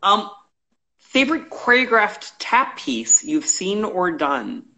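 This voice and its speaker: A man hosting a live interview, asking quick-fire questions in a brisk, encouraging way. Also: high voice, big pitch swings, pushed and bright, low-quality recording. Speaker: host.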